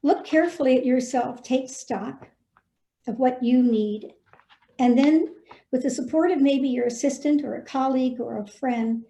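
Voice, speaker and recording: A woman's voice: high voice, moderate pace, vocal fry, reverberant. A woman who was a head of school, telling a personal story and giving earnest, heartfelt advice to school leaders over a video call. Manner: earnest, heartfelt, gently urging. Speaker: former head of school, guest speaker.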